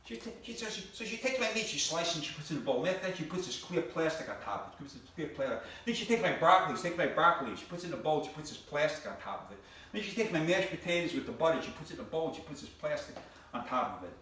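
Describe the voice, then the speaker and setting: Older New comic, animated, echoey club. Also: male voice, on the high side, racing, slight background noise. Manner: deadpan storytelling with repeated phrases and punchline build-ups. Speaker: stand-up comedian. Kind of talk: stand-up comedy routine. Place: comedy club stage before a live audience. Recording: very echoey room from a distant mic.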